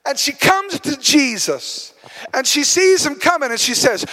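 A man preaching a sermon as a guest speaker, impassioned and building to shouts, acting out the words of biblical figures. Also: extremely high pitch, sing-song, unhurried. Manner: acts out biblical speakers in dramatic quotes.

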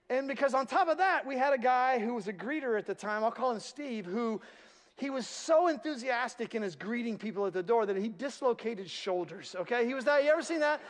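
A man's voice: very high voice, expressive, brisk, in a large hall. A male pastor preaching a sermon, telling stories with self-deprecating humor. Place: church sanctuary.

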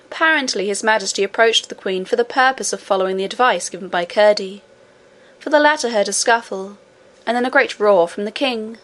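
A woman narrating a classic children's storybook in a steady, measured reading voice. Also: medium pitch. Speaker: audiobook narrator.

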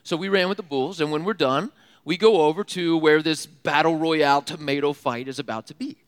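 Animated young man telling stories in a hall. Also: fairly high pitch, fairly quick, clean tone. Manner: animated, laughing, casual slang. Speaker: youth speaker. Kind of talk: storytelling sermon. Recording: long hall reverb.

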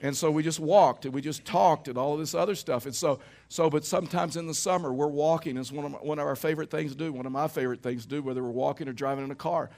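On the high side, gravelly and darkish, this middle-aged pastor's voice runs fast with few pauses. He's delivering a church sermon, telling stories in a conversational way and putting rhetorical questions to the congregation.

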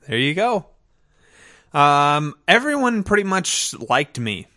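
A man's voice: a little high, takes it slowly, no echo, studio quality. A man co-hosting a podcast, chatting casually and acting out lines with laughs. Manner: animated, acts out characters' lines with laughs. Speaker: podcast co-host. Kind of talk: casual chat recapping a TV episode.

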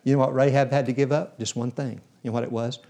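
A man's voice: mid-range voice, warm tone. Folksy man preaching a sermon. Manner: folksy storytelling, acts out biblical characters.

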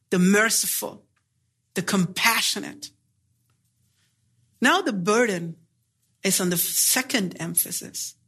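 A man preaching a sermon, earnest and deliberate, pressing his listeners with pleading rhetorical questions. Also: high voice, pushed and bright, husky.

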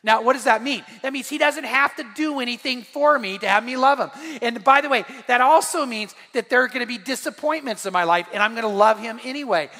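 A middle-aged pastor preaches with a high, bright voice, earnest and swelling into fervent emphasis. His words ring through a church hall with a long echo. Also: fairly quick, few pauses. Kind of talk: sermon. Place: church sanctuary.

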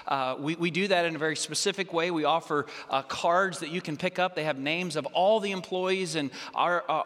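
A male pastor delivering a sermon in a church. He speaks haltingly and fills his pauses with frequent "uh"s. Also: a little high, a bit bright. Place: church sanctuary. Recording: church hall reverb.

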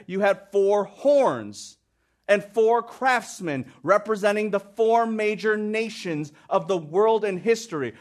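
A man preaching a sermon, stressing key points by repeating phrases. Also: high-pitched.

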